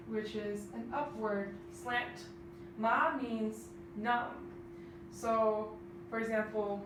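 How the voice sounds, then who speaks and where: A woman with a fairly high voice speaks slowly and carefully as she teaches a lesson. She stands far from the mic in a very echoey room. A clear noise runs underneath. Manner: slow, careful, demonstrating sounds. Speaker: language teacher. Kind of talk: explaining lesson.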